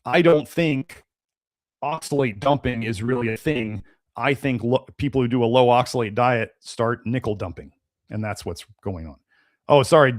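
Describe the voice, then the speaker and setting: A man of average pitch hosts a live-stream Q&A, reading chat questions aloud and answering them off the cuff. He rambles casually, with many fillers and restarts, and sounds a little stuffed up. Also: normal speed. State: slightly congested, sneezy. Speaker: host of a health podcast.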